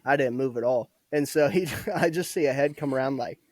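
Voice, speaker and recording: A man's voice: mid-range voice, a little fast, no echo. Young man, podcast guest, casual storyteller, laughs a lot and swears; dry close recording. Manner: laughs often, swears freely. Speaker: podcast guest, former soldier.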